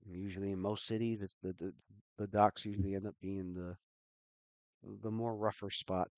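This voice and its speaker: Deep-voiced man running a tabletop game. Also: level tone, moderate pace, darkish tone, no echo, lo-fi sound. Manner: loose, rambling explanations with many fillers. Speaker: game master. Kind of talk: narrating a tabletop game, casual.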